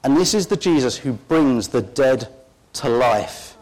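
A man's voice: medium pitch, lively intonation, unhurried, darkish tone, poor audio. A man preaching a sermon in an earnest, heartfelt way.

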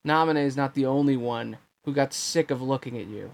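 A man's voice: mid-range voice, a little fast, vocal fry, close to an everyday voice. A man playing a bitter, taunting teenage swordsman. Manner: cold, taunting.

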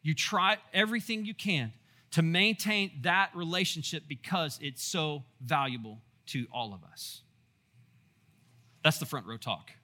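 Pastor guy preaching, high bright punchy voice, chatty stories and "right?" asides. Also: a little slow. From Texas. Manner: animated, storytelling with asides and rhetorical questions. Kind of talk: sermon.

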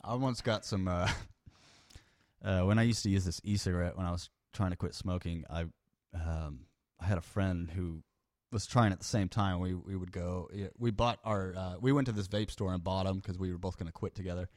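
A man with a low voice hosts a casual podcast chat and tells loose stories full of quick asides. His voice is close and dry, with no room sound. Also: steady tone, darkish tone, no room sound. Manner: chatty storyteller, quick asides. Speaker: podcast host.

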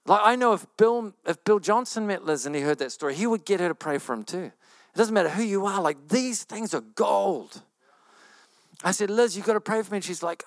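A man preaching a sermon as a pastor, telling a story in an animated way, often repeating phrases and rushing through quoted speech. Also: sits high, no room sound.

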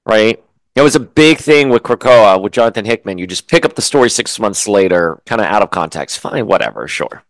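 A man with a low-pitched voice talks through a comic book review in a loose, opinionated way, full of asides and restarts. The sound is close and dry, with no room echo. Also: animated, a little fast. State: chewing food while talking. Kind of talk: casual spoken comic review.

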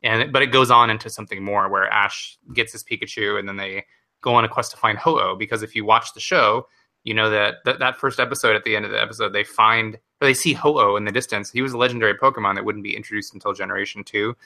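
A young man co-hosting a casual podcast, telling a story with lots of laughter and sudden excited jumps in pitch. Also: fast talker, vocal fry. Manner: animated, laughs often, jumps to high pitch when excited. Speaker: podcast co-host. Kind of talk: casual chat.

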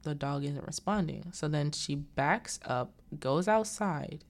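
A woman with a low, gravelly voice recapping a film in a casual, chatty way. She drifts into personal asides and jumps into quick character voices as she retells the scenes. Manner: animated, acts out the characters' lines in quick voices. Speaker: host recapping a movie.

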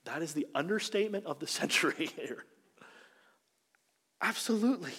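A male pastor preaching a sermon, retelling the story with animated, dramatic delivery and acted-out quotes. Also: a little high, moderate pace, slightly rough. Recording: long reverb of a large hall.

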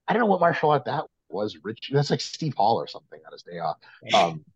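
A man's voice: fairly low pitch, very animated, brisk, husky, no echo. Rambling, profane man on a podcast. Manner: rambling, profane and self-mocking. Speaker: podcast guest. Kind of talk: casual chat.

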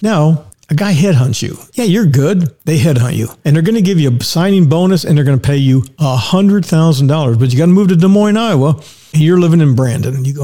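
An older man with a fairly high but mellow voice hosts a casual podcast monologue. He talks in a folksy way, stacking rhetorical questions and drifting into anecdotes. He records from a home studio. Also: lively intonation, fast talker. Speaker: podcast host.

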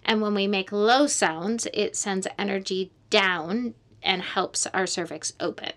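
A woman's voice: medium pitch, a little slow. A woman hosting a casual podcast chat about birth, affirming her guest with frequent agreement. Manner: warm affirming, many agreeing fillers. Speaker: podcast host, birth worker.

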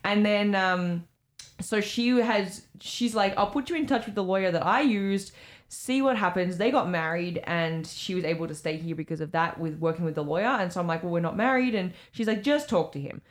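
A woman's voice: lowish voice, moderate pace. A woman co-hosting a casual chat and telling a long personal story. She rambles and restarts often, and she fills her talk with likes. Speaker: podcast co-host.

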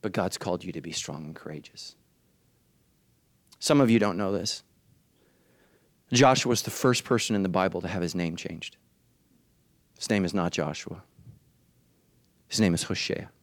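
A male pastor delivering a sermon in church, swinging from hushed, low lines to high, shouted ones with urgent repeated refrains. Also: moderate pace, long pauses, no room sound.

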